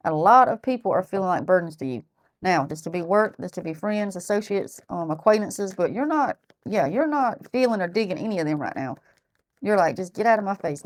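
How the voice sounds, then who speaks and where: Blunt woman giving a tarot reading. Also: medium pitch. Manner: blunt, repeats herself, thinks aloud. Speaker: tarot reader.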